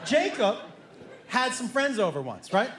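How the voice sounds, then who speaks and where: High, lively stand-up comedian on stage. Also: male voice, measured pace, slight background noise. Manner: animated, acts out family members in quoted voices. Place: theater stage before a live audience. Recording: roomy live theater sound.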